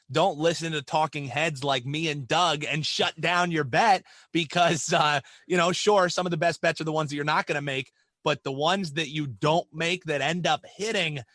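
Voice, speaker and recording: A man co-hosting a sports betting podcast, talking in an energetic, casual way and often repeating words as he starts a phrase. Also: fairly high pitch, normal speed, no room sound. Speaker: podcast co-host.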